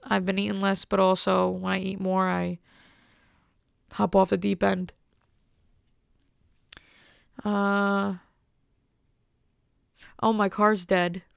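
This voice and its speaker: A young American woman chats casually in a rambling, wry monologue. Her voice has a heavy vocal fry over a smooth, clear tone, and her pitch stays fairly flat. The sound is close and dry. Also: no room sound. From United States. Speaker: vlogger.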